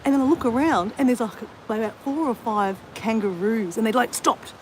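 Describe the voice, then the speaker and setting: A woman's voice: fairly high pitch, normal speed, a little hiss or hum, poor audio. Rambling Australian woman vlogger. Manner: rambling, many fillers and restarts; exercising while talking. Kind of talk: casual chat to live viewers.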